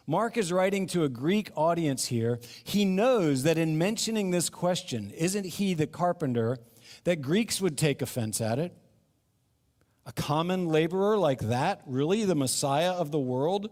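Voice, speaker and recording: A middle-aged man preaches a sermon with animation, slipping into the voices of doubting townspeople. His voice sits a little high for a man. The sound carries the long reverb of a church hall. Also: a little slow. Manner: animated, acts out crowd voices, laughs between points. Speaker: pastor. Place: church sanctuary.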